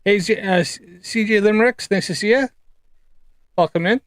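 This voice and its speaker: Man, casual live-stream chatter, hesitant and rambling, slightly high voice, dry room. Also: moderate pace, no echo. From United Kingdom. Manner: rambling, many ums and uhs. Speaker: streamer reacting to clips.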